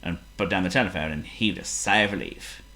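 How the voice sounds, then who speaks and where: A storyteller reading a children's picture book aloud in a lively, theatrical way. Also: sits low, brisk. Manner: lively, theatrical, voices every figure.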